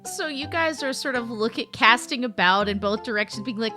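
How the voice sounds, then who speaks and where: A woman narrating as game master in a lively, playful way. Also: on the high side, fairly quick, hardly any pauses, music in the background.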